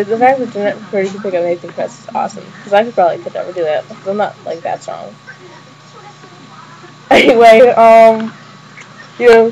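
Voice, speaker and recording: A woman's voice: medium pitch, a little mellow. A young woman giving a casual, rambling fan review of a show episode, full of fillers and restarts. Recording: dull lo-fi webcam audio with faint noise.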